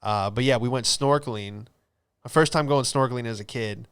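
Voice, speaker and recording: A man's voice: medium pitch, moderate pace, a bit bright, smooth. A young man hosting a casual podcast, rambling through stories with loose slang. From Florida. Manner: laid-back, rambling storytelling with slang. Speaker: podcast host. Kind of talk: casual solo podcast chat.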